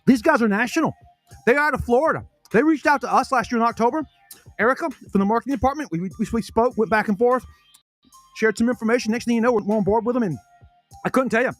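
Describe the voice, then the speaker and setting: A man with a notably high voice hosts a podcast, rattling off sponsor plugs in a folksy, self-correcting patter. He chews food while he talks. Faint music plays under his voice. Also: fairly bright tone. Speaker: podcast host reading sponsor spots. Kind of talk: casual sponsor talk on a podcast.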